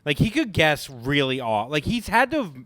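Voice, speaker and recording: A man's voice: on the high side, very animated, normal speed, a bit bright, dry recording, studio quality. A man co-hosting a podcast, chatting easily and asking curious questions. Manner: easygoing, asks curious questions. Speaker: podcast co-host. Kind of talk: casual chat.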